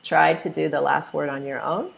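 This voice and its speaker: A young American woman teaches pronunciation online. Her voice sits low and carries a gravelly fry. She stretches out the stressed syllables in her examples, and now and then she acts out short scenes to show her point. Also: fairly even intonation. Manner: slow, exaggerated modelling of stressed syllables.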